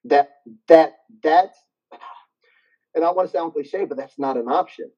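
A man's voice: fairly high pitch, measured pace. A middle-aged man, a gym owner, telling stories animatedly as a guest in a casual interview and laughing often. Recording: dull lo-fi sound.

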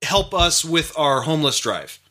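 A man's voice: on the high side, sing-song, moderate pace, pushed and bright. A man from Massachusetts hosting a casual podcast, rambling and swearing with lots of restarts. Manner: profane, rambling, many restarts. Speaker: podcast host. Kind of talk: casual chat.

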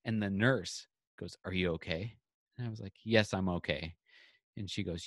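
Casual low-voiced man retelling a story. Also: moderate pace, no echo. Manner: animated retelling with quoted back-and-forth. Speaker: podcast co-host. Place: home, on a video call.

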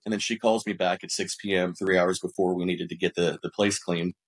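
A man's voice: deep voice, brisk. A man guesting on a podcast, telling his business story in a conversational way. He talks animatedly, often acts out what people said, and restarts and repeats words as he goes. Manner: animated, acts out quoted dialogue.

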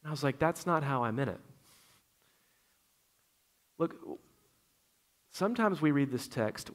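A man's voice: fairly high pitch, very animated, moderate pace, long pauses. Man preaching with conversational swings. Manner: conversational preaching, swings from loud emphasis to quiet. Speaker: pastor. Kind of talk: sermon.

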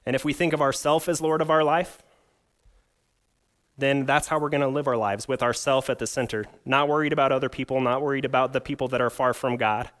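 A man's voice: mid-range voice, fairly even intonation, brisk, fairly bright tone. A young adult man preaching a sermon, mixing scripture reading with a humorous personal story and rhetorical questions. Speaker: pastor.

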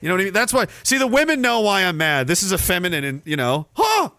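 A sarcastic, foul-mouthed podcast host with a high, bright voice. He rants casually and swings his pitch all over the place, breaking into loud laughter. The sound is dry and close. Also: big pitch swings, quick pace, smooth, no echo. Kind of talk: casual livestream rant.

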